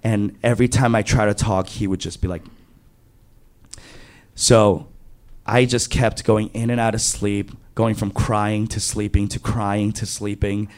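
A man in his thirties telling a candid, confessional true story on stage, animated in his retelling. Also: on the low side, a little slow. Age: 30s. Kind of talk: live true-story monologue.

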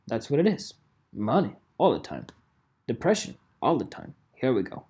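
A photographer vlogging in a casual rant, animated and profane, repeating phrases and laughing often. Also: mid-range voice, normal speed, breathy edge, lo-fi sound. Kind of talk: casual ranting vlog.

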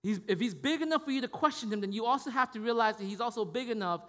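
High-voiced preacher in a reverberant hall. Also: male voice, quick pace, a bit bright. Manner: conversational preaching, frequent "right?" tag questions and restarts. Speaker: pastor. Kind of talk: sermon.

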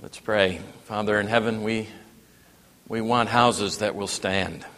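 A man preaching a sermon, dropping to a hush and then rising to emphatic, raised passages. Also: on the low side, steady tone, unhurried. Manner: wide swings from hushed to emphatic preaching. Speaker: pastor. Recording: long reverb in a hall.

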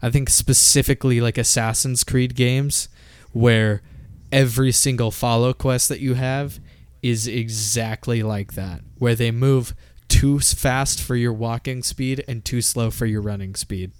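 A man's voice: mid-range voice, fairly even intonation, measured pace, few pauses, a little mellow, clear, resonant tone, no room sound. A man chatting casually about video games, swearing freely and laughing often. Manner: profane, ranting, laughs often. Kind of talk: casual gaming chat.

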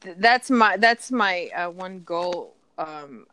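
A woman's voice: on the low side, lively intonation, slow pace, bright, forceful tone, slight background noise. A woman co-hosting a podcast who chats casually and often chimes in with short agreements. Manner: agreeable, with many short backchannels. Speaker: podcast co-host. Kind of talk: casual chat.

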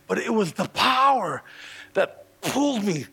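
A man preaching a sermon in a strikingly high voice with a gravelly edge and a sharp, forceful bite. He swings between hushed, low passages and shouted climaxes, stammering and restarting as he builds. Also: moderate pace. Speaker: pastor.

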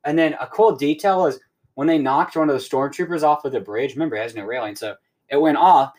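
Young male podcast host, casual and rambling, slightly raised pitch. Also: fast talker, a little mellow. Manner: rambling, heavy use of "like" fillers. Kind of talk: casual recap of a show episode.

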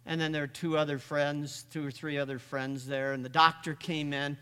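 A man telling a personal story to an audience, halting often and repeating words as he goes. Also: a little high, little pitch movement, a bit bright, smooth. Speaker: speaker. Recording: long hall reverb.

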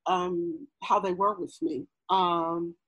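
A woman's voice: on the low side, level tone, takes it slowly, fairly bright tone, husky, dry recording, poor audio. A woman in her forties, talking earnestly about family in a conversation, with frequent fillers and restarts. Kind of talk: personal storytelling in conversation.

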